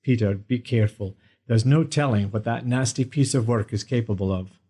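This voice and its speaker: A man's voice: mid-range voice, moderate pace, warm tone, husky, lightly acted. A man voicing a blunt, protective father in an audiobook.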